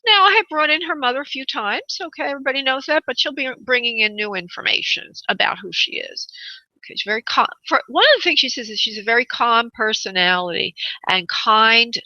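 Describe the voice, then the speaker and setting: Brief: bright, fairly high woman, radio medium host, dry muffled sound. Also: brisk, no room sound. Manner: calls callers honey and sweetheart. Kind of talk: radio call-in readings.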